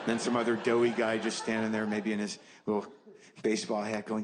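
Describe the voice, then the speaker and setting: A man's voice: lowish voice, monotone, a little fast. A man in his fifties doing a stand-up comedy set, ranting in a profane, exasperated way. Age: 50s. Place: comedy stage. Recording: noisy live stage recording.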